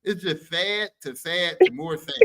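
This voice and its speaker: A man hosting a podcast, telling movie stories in an animated, profane, slangy way. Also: sits high, unhurried, creaky, rough recording. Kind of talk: casual chat about movies.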